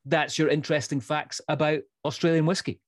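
A man's voice: on the high side, flat delivery, a little fast, dry recording, studio quality. Chatty male whisky podcast co-host. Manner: chatty, repeats words when thinking. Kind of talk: casual chat.

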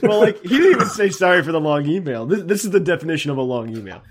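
Casual podcast co-host, male, fairly high voice, laughs easily, stumbles through emails. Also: lively intonation, a crowd in the background. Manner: laughs often, halting reading with fillers. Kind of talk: casual chat.

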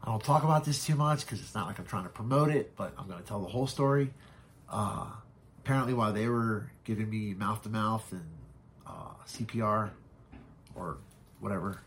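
A man telling his own story as a podcast guest, frank and halting, swearing often. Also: lowish voice. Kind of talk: candid personal storytelling.

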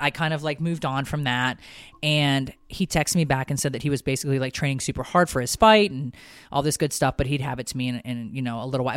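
A woman's voice: a bass voice, clean tone, dry recording, clean studio sound. Emotional, swearing woman telling a story. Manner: emotional, swearing, animated retelling. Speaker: podcast co-host. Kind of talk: casual storytelling.

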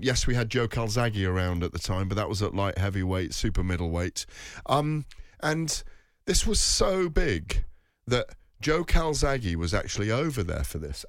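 A man's voice: lowish voice, lively intonation, normal speed, no room sound, studio quality. A man hosting a casual sports chat, telling rambling anecdotes with many fillers and restarts. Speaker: boxing podcast host.

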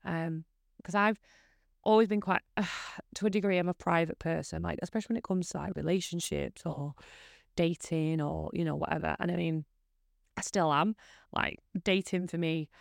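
A woman's voice: fairly low pitch, fairly even intonation, normal speed, gravelly, no room sound, studio quality. A woman in her thirties hosting a podcast, chatting in a candid, rambling, self-deprecating way. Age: 30s. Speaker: podcast host. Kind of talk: casual solo podcast chat.

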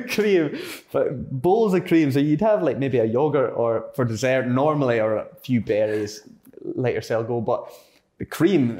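Warm-toned and at an everyday middle pitch, a young Scottish footballer chats as an interview guest. His casual stories wander, peppered with fillers and quick self-corrections.

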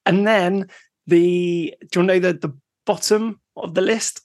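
A man co-hosting a casual podcast, easygoing and quick to laugh as he shares facts. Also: high-pitched, steady tone, darkish tone. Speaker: podcast co-host.

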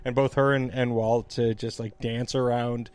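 A man in his thirties chatting casually as a podcast co-host, enthusiastic, halting and stumbling over restarts, with some swearing. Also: medium pitch, flat delivery, darkish tone, clear, resonant tone. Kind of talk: casual chat.

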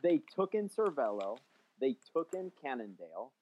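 A man's voice: mid-range voice, very animated, normal speed, mellow. A man co-hosting a podcast who rants in a fired-up way during casual chat. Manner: fired up, ranting. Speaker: podcast co-host. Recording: dull lo-fi sound.

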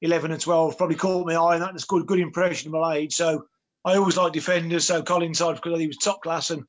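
Quick, high-voiced man. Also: steady tone. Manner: chatty, rambling with restarts and fillers. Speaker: guest, former footballer. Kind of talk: casual chat.

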